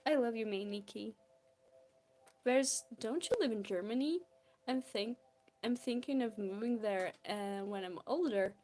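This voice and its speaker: A woman's voice: fairly high pitch, measured pace, a little mellow, soft background music. A young woman from Belarus with a Belarusian accent, chatting casually and giggling with viewers while drawing on a stream. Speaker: art streamer.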